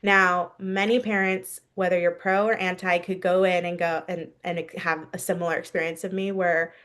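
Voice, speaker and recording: A woman's voice: on the low side, little pitch movement, moderate pace, a bit bright. Candid woman telling a personal story. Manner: candid, laughs often while telling a story. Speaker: podcast guest.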